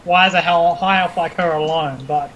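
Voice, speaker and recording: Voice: mid-range voice, steady tone, moderate pace, fairly bright tone, highs cut off, slight background noise. A tabletop game player who talks hesitantly and thinks aloud, with filler words and laughs.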